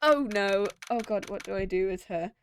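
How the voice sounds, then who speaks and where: A woman's voice: mid-range voice, normal speed, a little hiss or hum. A woman streamer casually commentating on a game, chatty with joking asides. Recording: loud game music behind.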